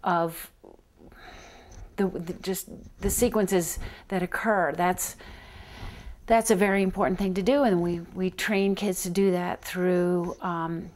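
A middle-aged woman, a reading researcher, answering interview questions in a measured, explanatory way, spelling out letters as examples. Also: on the low side, fairly even intonation, darkish tone.

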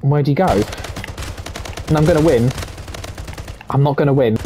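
A man giving loud, excitable gameplay commentary from his room, boastful and swearing freely, his voice hoarse from shouting. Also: medium pitch, slow, long pauses, heavy background noise. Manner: excitable, boastful, swears a lot, shouts and cackles in tense moments. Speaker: gaming video creator.

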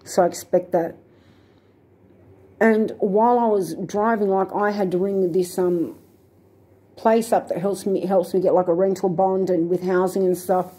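Woman, indignant rambling storyteller; darker, slightly husky tone. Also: medium pitch, fairly even intonation, a little slow, mellow. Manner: aggrieved, indignant retelling with many fillers and restarts. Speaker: vlogger.

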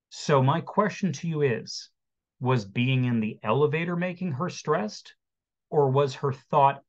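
A man in his forties speaks as a therapist in an online webinar, lively and animated as he acts out quotes and jokes for his audience. His voice sits at a middle pitch. The audio is a bit dull and lo-fi. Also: normal speed. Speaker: therapist giving a webinar talk. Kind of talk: motivational talk to an online audience.

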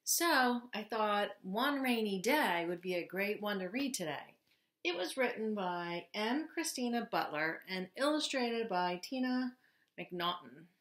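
A woman reading a children's picture book aloud in a gentle, expressive way. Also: medium pitch, unhurried, roomy sound. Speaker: storybook reader. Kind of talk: children's story read-aloud.

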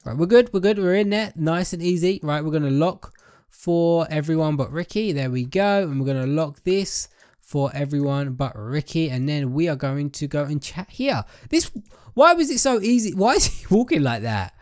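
A young man narrates his gameplay in a chatty, playful way, often turning to address his viewers directly. His voice sits a little high for a man. He jokes and talks straight to the characters on screen. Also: expressive, moderate pace, a little mellow. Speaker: gaming YouTuber. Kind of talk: casual let's-play commentary.

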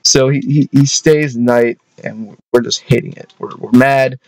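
A young man tells a story from his childhood in a loose, rambling way, stumbling over words and tossing in "you know what I mean". His voice sits at an ordinary pitch for a man. The recording is dry and close, with no room sound. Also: steady tone, measured pace, dry recording. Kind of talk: casual storytime.

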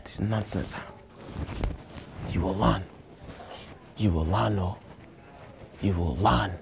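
A man's voice: low-pitched, slow pace, creaky, pitched below the performer's own voice, exaggerated voice. A young man putting on a Nigerian accent, playing a pushy student who keeps asking to learn scamming, tacking "oh" and "ah, ah" onto his lines, in a lecture hall with faint noise. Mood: insistent. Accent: Nigerian (put on). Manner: insistent, exclamatory "oh" and "ah, ah" tags.

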